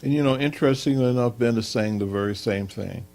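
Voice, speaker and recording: A man co-presents a relationship workshop and tells a story at an easy conversational pace, pausing often. His voice is gravelly and mid-pitched. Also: a little mellow. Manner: conversational, many filler pauses. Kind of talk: storytelling lecture.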